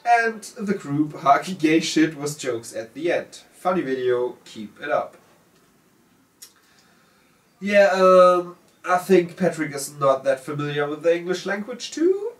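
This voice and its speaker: A German man with a German accent, casually reading out viewer comments in halting, self-correcting English. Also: on the high side, big pitch swings. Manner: halting, self-correcting, laughs at own words. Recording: roomy sound from a distant mic.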